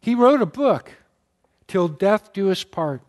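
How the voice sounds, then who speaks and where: A man with a fairly high voice preaches a sermon to his congregation. He tells stories earnestly, with deep feeling that sometimes catches in his throat. His delivery rises and sinks as he stresses key words. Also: big pitch swings, slow, darkish tone. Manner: earnest, emotional storytelling, gets choked up. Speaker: pastor.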